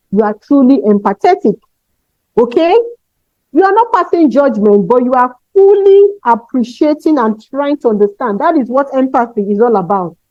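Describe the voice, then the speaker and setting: A high-pitched woman speaks to a room of teachers, pressing each point with emphasis and checking in with a quick "okay?". The sound is dry and dull, like a lo-fi recording. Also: no room sound. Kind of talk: motivational talk.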